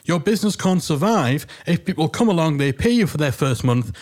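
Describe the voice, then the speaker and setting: A man's voice: on the high side, lively intonation, brisk, darkish tone. A man with a Geordie accent hosting a business podcast, talking in a chatty, emphatic, self-deprecating way. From Northeast England. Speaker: podcast host. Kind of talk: casual podcast monologue.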